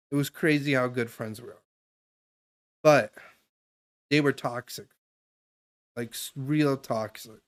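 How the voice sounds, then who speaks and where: A man's voice: medium pitch, slow pace, pauses often. A young man streaming live, talking loosely and at length as he gives a stranger casual advice, full of fillers and restarts. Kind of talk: casual chat giving advice.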